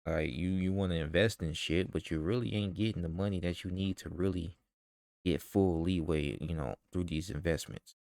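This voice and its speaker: A man's voice: low-pitched, fairly even intonation, normal speed, gravelly, a little mellow, no room sound, studio quality. A man in a vlog ranting heatedly with profanity and rhetorical questions. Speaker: vlogger. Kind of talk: ranting commentary.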